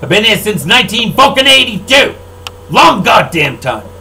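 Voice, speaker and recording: High, sharp-voiced older man ranting. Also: big pitch swings, normal speed, a little hiss or hum, low-quality recording. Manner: profane, rambling, swings between loud outbursts and low mutters. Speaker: record label owner. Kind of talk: angry ranting monologue.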